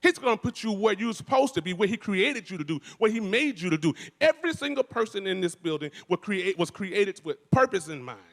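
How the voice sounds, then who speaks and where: A man's voice: high voice, a little fast, hardly any pauses. A man giving a spirited church testimony with a preacher's cadence, repeating and restarting phrases as he builds up. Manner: energetic, repetitive preacher cadence with frequent restarts. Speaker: worship musician and speaker. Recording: long reverb of a large hall.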